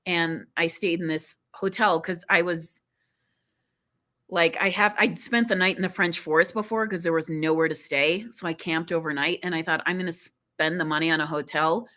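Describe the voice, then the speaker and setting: A woman tells a personal story as a podcast guest. Her voice is somewhat low, with a bright, forceful tone. She speaks animatedly and emotionally, and peppers her talk with "you know". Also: normal speed.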